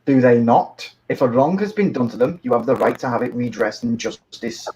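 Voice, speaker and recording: A man's voice: medium pitch, expressive, normal speed, warm tone, a little hiss or hum, rough recording. A man calling into a live stream, arguing in a pompous, formal manner. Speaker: caller. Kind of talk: heated live-stream argument.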